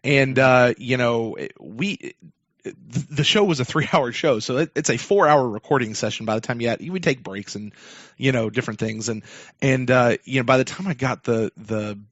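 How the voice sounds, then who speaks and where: A man's voice: mid-range voice, normal speed, a bit bright, no echo. A man hosting a sports podcast, telling a long story in a rambling casual way, full of fillers and restarts. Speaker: podcast host. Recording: dull lo-fi dry sound.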